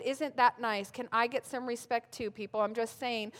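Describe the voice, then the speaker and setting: Woman pastor in her thirties, fairly high voice, wry self-mocking sermon, long hall reverb. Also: steady tone, normal speed, few pauses. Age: 30s. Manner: humorous, self-mocking storytelling. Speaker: pastor speaking at a women's gathering.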